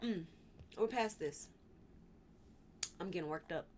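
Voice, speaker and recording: A woman's voice: on the low side, slow pace, background noise. A woman hosting a casual commentary vlog, exasperated and rambling, with frequent restarts and apologetic asides. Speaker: vlog host.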